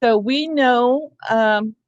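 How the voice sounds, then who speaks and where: A woman's voice: on the high side, extremely slow, no room sound, highs cut off. A woman leading a teacher training session on reading, explaining in a conversational way and often checking in with her listeners. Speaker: literacy trainer.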